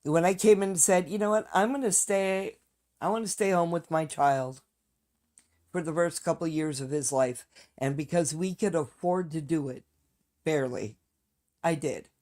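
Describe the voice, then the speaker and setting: A woman's voice: deep voice, moderate pace, a little mellow. A woman streaming live, talking bluntly and with heavy profanity as she rants straight to her viewers. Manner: fired-up ranting to viewers. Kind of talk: casual live-stream chat.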